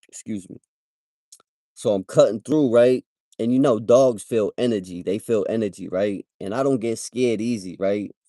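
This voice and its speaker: A man's voice: on the low side, dark tone, dry recording, clean studio sound. A man hosting a livestream, telling a story in a slangy, casual way and tagging "right?" onto his sentences. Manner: slangy, repeats "right?" as a tag. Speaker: livestream host.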